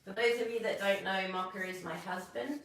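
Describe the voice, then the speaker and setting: A woman's voice: medium pitch, brisk, creaky, a bit bright, far from the mic. Woman live-stream host, chatty and self-mocking, slightly under the weather, voice echoing from off mic. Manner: chatty, self-deprecating, tells corny jokes. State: a little sick. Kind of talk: casual live stream chat. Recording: echoey room, away from the mic.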